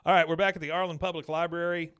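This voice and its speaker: A man's voice: on the high side, very fast, clean tone. A man hosting a podcast, casually recapping an episode and animatedly acting out quotes. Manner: animated storyteller, acts out quotes. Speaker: podcast host.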